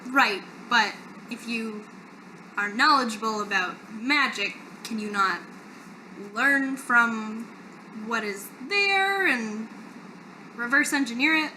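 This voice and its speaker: A woman playing a tabletop game in character, asking measured, probing questions. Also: a little high, pushed and bright, a little hiss or hum, poor audio. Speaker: player.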